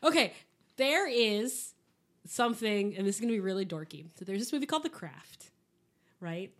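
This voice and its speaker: Woman podcast co-host, under the weather with a husky voice; hesitant, rambling and self-deprecating. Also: mid-range voice, lively intonation, normal speed. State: sick, husky voice. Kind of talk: casual chat.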